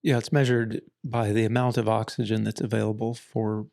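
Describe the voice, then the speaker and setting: A man co-hosting a podcast, explaining things in a measured, casual way. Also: lowish voice, little pitch movement, creaky, a little mellow. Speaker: podcast co-host. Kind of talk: casual conversation.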